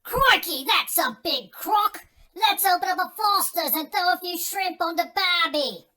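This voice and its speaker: A man doing a high, bright goofy partier. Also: big pitch swings, normal speed, full character voice. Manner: goofy, slurring, tries silly accents. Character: stoned male party guest doing bad accents.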